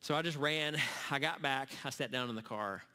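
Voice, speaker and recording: A middle-aged man telling a personal story to parents at a church gathering, earnest and halting, often restarting his sentences. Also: medium pitch, bright, forceful tone, clean tone. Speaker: speaker at a church summer series. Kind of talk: storytelling sermon talk. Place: church hall. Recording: long reverb of a large hall.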